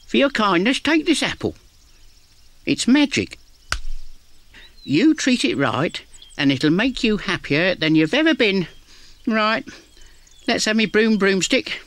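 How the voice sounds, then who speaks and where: A man doing a croaky old witch. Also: high-pitched, big pitch swings, slow pace, long pauses, noisy background, pitched above the performer's own voice, heavily acted. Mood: gruff. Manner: blunt, bossy, dropped-g. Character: cranky old woman witch, gruff. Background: music.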